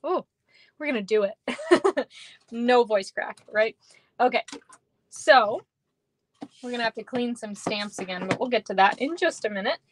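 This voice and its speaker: Animated but a little slow and pausing often, this young Minnesota woman's voice sits on the high side. She shows card-making on a live stream from an air-conditioned basement, chatting upbeatly, a bit tired, as she reads viewer comments aloud.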